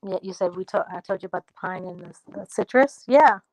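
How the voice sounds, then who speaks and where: A woman chats on a livestream, reading out her viewers' comments and answering each one. Her talk is loose and unhurried, drifting into a country drawl. The sound is dry and close, with no room around her. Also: on the low side, darkish tone, dry recording, dull audio. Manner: talks straight to viewers, reads out comments and answers them. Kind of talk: casual livestream chat.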